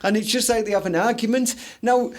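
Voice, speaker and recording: A man co-hosting a comedy podcast, rambling through deadpan tall tales. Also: high voice, fairly quick. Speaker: podcast co-host. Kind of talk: casual comedy podcast chat.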